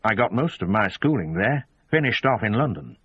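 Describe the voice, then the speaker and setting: A man's voice: lowish voice, very animated, normal speed, breathy edge, dry recording. A man voicing a guarded woman detective. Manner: guarded, dry replies. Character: female detective, guarded and dry-witted. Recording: dull lo-fi audio.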